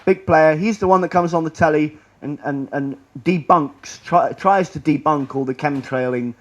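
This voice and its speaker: A man with a fairly high voice speaks at normal speed to an audience in a lecture room. His presentation is rambling and sarcastic, and he often starts his sentences over.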